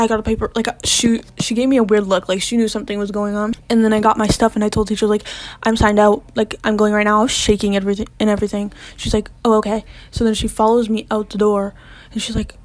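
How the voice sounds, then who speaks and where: Chatty young woman telling a storytime. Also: fairly high pitch. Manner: chatty, lots of "like" fillers, drops to whispers when reliving panic. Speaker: vlogger. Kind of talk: casual storytime.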